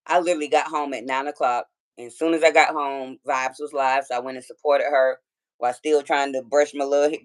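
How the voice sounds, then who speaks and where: A woman in her thirties from Georgia with a Southern accent, chatting casually and profanely with viewers on a phone livestream. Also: low-pitched. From Georgia, USA. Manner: chatty, profane, talks straight to her chat. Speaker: livestream host.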